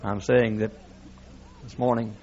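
A man's voice: lowish voice, little pitch movement, unhurried, darkish tone, lo-fi sound, a little hiss or hum. A male pastor preaching a sermon with impassioned, folksy delivery and frequent laughter.

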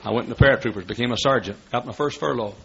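A man's voice: medium pitch, racing, creaky, slightly rough. An older man, preaching a sermon through folksy, dramatic storytelling. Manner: folksy, dramatic, building to shouts. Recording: muffled lo-fi recording.

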